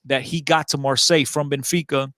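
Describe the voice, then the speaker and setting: A man excitedly telling stories as a guest on a casual podcast, rambling with frequent restarts. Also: mid-range voice, a little fast, dry recording, studio quality. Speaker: podcast guest, club fan.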